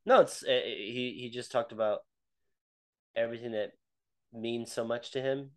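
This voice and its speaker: A man co-hosting a casual podcast, laid-back and deadpan, swearing freely. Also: medium pitch, normal speed, dry recording, clean studio sound. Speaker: podcast co-host. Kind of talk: casual chat.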